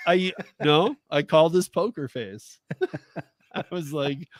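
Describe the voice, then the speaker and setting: A man in his thirties hosting a casual talk show, telling a story with lively acted-out dialogue. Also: fairly high pitch, takes it slowly, noisy background. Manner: animated storytelling, acts out quoted dialogue, laughs often. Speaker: podcast host, rideshare driver. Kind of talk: casual chat.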